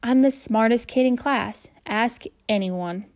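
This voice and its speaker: A proud, dismissive young schoolboy, as a woman reading a children's novel voices him. He sounds slow and unimpressed, with some gravel in the tone. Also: a little high, a little mellow. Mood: smug.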